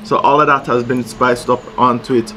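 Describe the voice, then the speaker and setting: A Jamaican man casually explaining local dishes at a restaurant table, patient and relaxed, often saying "yeah, man". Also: medium pitch, moderate pace, soft background music. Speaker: food vlog host. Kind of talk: casual food chat.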